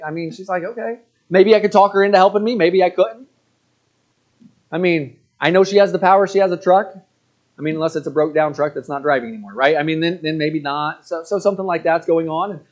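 A man's voice: fairly high pitch, animated, fairly quick, lo-fi sound. A man in his forties preaching in a church, conversational and joking, with frequent restarts and asides to the congregation. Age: 40s. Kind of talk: sermon.

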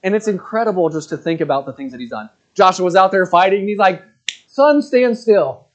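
A man's voice: sits high, animated, fast. A man in his thirties giving a casual, rambling sermon, full of fillers and joking asides. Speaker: pastor.

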